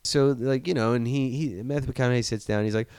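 A man in casual chat reviewing a movie, profane and animated, acting out the scenes. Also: medium pitch, a little fast, smooth, no echo.

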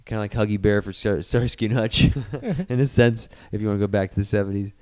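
Swearing, animated man reviewing a movie. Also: fairly low pitch, fast talker, clear, resonant tone. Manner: animated retelling, acts out scenes, swears freely. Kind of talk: casual movie review chat.

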